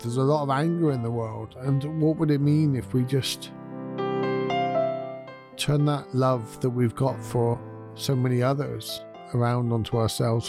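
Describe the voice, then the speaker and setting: A man hosting his own podcast, talking in a gentle, candid way and thinking aloud. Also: mid-range voice. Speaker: podcast host. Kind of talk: reflective solo podcast talk.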